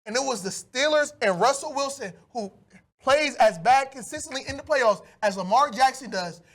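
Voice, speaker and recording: A man hosting a solo sports podcast, ranting animatedly with loud outbursts. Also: very high voice, lively intonation, normal speed.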